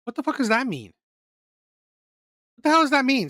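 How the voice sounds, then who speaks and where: A man's voice: very high-pitched, very animated, normal speed, sharp tone, no echo, clean studio sound. A man hosting a reaction channel, talking casually in a rambling way, repeating words and asking "right?" often.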